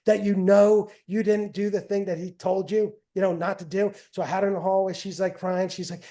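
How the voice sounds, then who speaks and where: Middle-aged New man, warm, slightly high voice, loose rambling storyteller who repeats himself. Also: fairly even intonation, fairly quick. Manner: rambling, repeats phrases, trails off. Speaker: guest, wrestling coach and father. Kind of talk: casual storytelling.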